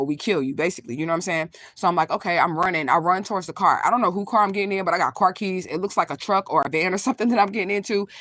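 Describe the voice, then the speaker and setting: A fast-talking spiritual vlogger recounting a story straight to a live audience, blunt and emphatic, with plenty of swearing. The voice is close and dry, with no room sound around it. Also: medium pitch, a bit bright, dry recording. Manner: blunt, profane, emphatic retelling; talks straight to viewers, reacts to live comments. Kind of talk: casual livestream storytelling.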